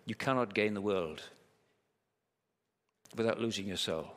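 A man's voice: lowish voice, a little slow. A man preaching a sermon at a church camp, telling a story vividly and pressing his points with emphatic rhetorical questions. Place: large hall at a church camp. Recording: long hall reverb.

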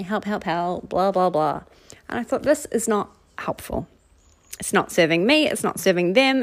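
Here a middle-aged woman from New Zealand, medium in pitch, runs her own laid-back podcast alone. Her talk is frank and chatty, full of repeated phrases and self-deprecating laughter.

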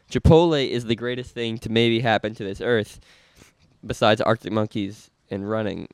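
Smooth-voiced young man, casual rambling chat. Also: on the low side, fairly even intonation, moderate pace, no echo, studio quality. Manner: laid-back, rambling storyteller. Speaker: podcast co-host.

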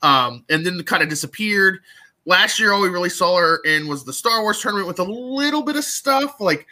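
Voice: medium pitch, expressive, normal speed, pushed and bright. A co-host on a casual livestream, gushing with enthusiasm and laughing between words.

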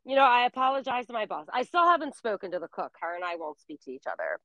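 A woman's voice: fairly high pitch, very animated, quick pace, fairly bright tone, no echo, poor audio. A woman in her forties telling a story in casual chat, full of fillers. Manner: chatty storytelling, many fillers. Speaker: guest.

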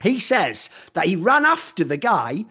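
Unhurried yet forceful, a British man with a high, husky, bright voice and wildly swooping pitch rants on a podcast he co-hosts. The rant is heated, profane, and mocking, full of impressions of other people.

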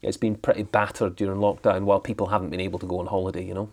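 A man's voice: deep voice, little pitch movement, rapid-fire, darkish tone. A Scottish man chatting as a podcast guest, telling stories with rambling enthusiasm. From Scotland. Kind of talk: casual chat.

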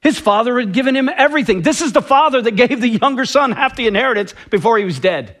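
A man's voice: extremely high pitch, lively intonation, quick pace, a bit bright. A man preaching a sermon with passion and emphasis, often acting out quoted dialogue. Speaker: pastor.

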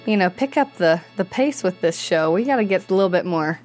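A woman's voice: on the low side, lively intonation, a little fast, darkish tone, soft background music. Female host, bubbly casual panel chatter, easy laugh. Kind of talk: casual panel chat about a TV episode.

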